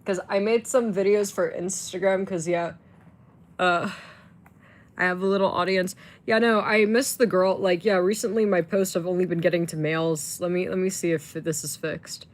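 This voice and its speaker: A woman's voice: on the low side, fairly even intonation, moderate pace. Rambling, cursing woman livestreamer. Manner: rambling, swears when frustrated, filler-heavy. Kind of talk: casual livestream chat.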